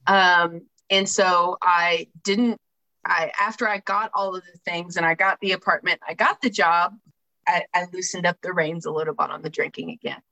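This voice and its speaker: A woman's voice: lowish voice, steady tone, normal speed, gravelly, bright, forceful tone, rough recording. A woman candidly telling her own recovery story in a conversational way, often checking in with her listeners and reading aloud from a book. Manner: conversational, frequent "right?" tags and fillers. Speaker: speaker sharing a recovery story.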